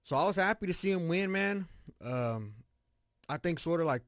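Excitable, swearing man in sports chat. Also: fairly high pitch, normal speed, no echo, clean studio sound. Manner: excitable, profane, repeats words.

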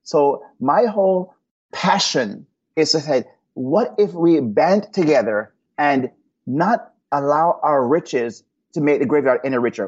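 Earnest husky-voiced man telling stories. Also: mid-range voice, darkish tone, highs cut off. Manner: earnest, preacherly storytelling. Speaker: guest. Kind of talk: podcast interview answers.

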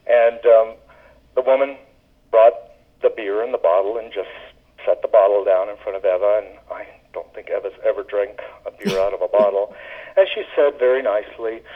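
A Southern US man calls in over a tinny telephone line to tell rambling, casual stories about his years as a flight attendant. His voice is lowish and steady at normal speed, sprinkled with ums and uhs.

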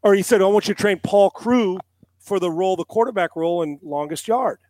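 Ex-quarterback guest, middle-aged man, tells stories with swearing and voiced quotes, high and dry. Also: fairly quick, no room sound. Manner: animated storyteller, acts out quotes, swears casually. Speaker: guest, former NFL quarterback and analyst. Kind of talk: casual storytelling on a podcast.

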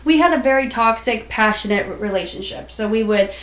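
A woman's voice: on the high side, fairly bright tone, slight background noise. A woman, a podcast guest, telling a personal story in a blunt, casual way, swearing freely and filling her talk with "like" and "um". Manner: blunt, swears freely, rapid with many fillers. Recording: roomy echoey room.

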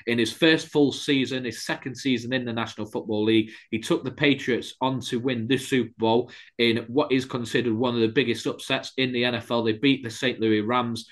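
Man, podcast host, lower voice, chatty stat-heavy rambler. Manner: rambling, fond of stats, restarts often. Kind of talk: casual sports podcast chat.

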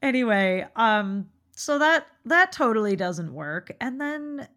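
A woman's voice: fairly high pitch, expressive, slow pace, fairly bright tone. A woman co-hosting a casual podcast, talking animatedly, swearing freely and laughing often. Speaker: podcast co-host. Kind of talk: casual chat.

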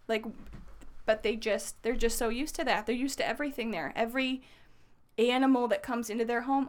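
Animated woman telling a story. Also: on the high side, moderate pace. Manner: animated storyteller, acts out quotes. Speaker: podcast co-host. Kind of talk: casual chat.

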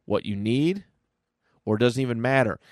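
A man reading a slow, riddling spirit eye. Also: mid-range voice, expressive, a little mellow, no echo, clean studio sound, natural voice. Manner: slow, teasing riddling questions.

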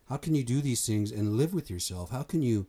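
A man's voice: mid-range voice, expressive, brisk, warm tone. A man from the United States giving a blunt, fired-up opinion monologue, swearing and repeating himself for emphasis. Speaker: commentator.

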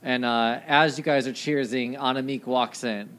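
A man's voice: medium pitch, fairly even intonation, moderate pace, fairly bright tone. A man as game master narrating a tabletop game with loose, profane banter.

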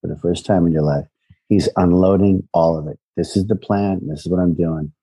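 A man's voice: deep voice, steady tone, fairly quick, warm tone, slight background noise. A man co-hosting a casual podcast chat about a TV show he acted in, profane and jokey. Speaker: podcast co-host, former cast member.

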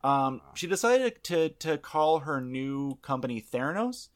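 A man's voice: fairly high pitch, sing-song, a little slow. A man hosting a casual podcast chat, rambling with many fillers and restarts. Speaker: podcast host presenting the topic.

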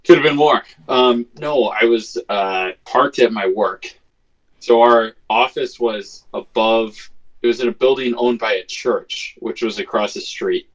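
A man's voice: medium pitch, a little slow. A man chatting on a podcast, telling a story animatedly and with swearing. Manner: animated, profane, re-enacts quotes. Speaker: podcast co-host. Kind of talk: casual chat, storytelling. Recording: slightly dull lo-fi sound.

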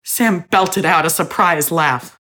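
Female narrator for audio fiction, low register, steady expressive reading. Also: slow pace. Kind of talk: scripted story narration.

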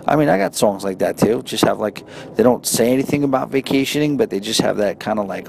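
A man's voice: creaky, a little mellow. A man with a New York accent hosting a casual solo podcast, chatting in a rambling way with many restarts and reading out listener emails. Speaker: podcast host. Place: on a moving train. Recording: faint train noise behind. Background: faint train rumble.

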